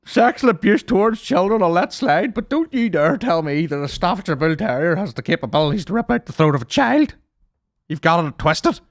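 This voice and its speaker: A man putting on a shrill outraged dog defender. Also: very animated, brisk, dry recording, studio quality. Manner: outraged, preachy.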